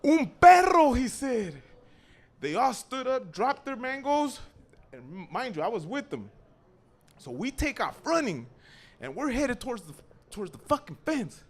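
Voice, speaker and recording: A young man spins a profane comic story at a small cafe open mic. His voice sits high and swings wildly in pitch as he acts out characters and bursts into shouts. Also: sing-song, normal speed, breathy edge.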